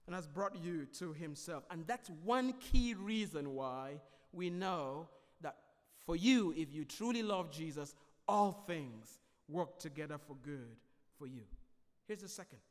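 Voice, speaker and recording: A high-pitched man delivers a sermon as pastor. He stresses his points through repetition and shifts between loud declarations and softer explanation. The recording carries a long hall reverb. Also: lively intonation, unhurried. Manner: emphatic, repetitive preaching with swings between loud and soft.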